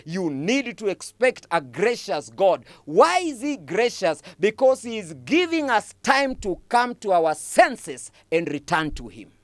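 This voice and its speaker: A Kenyan English-accented man preaches with emphatic, repetitive phrasing. His pitch rises and falls dramatically, and the recording is dry, with little room sound. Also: dry recording. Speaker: pastor. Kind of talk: sermon.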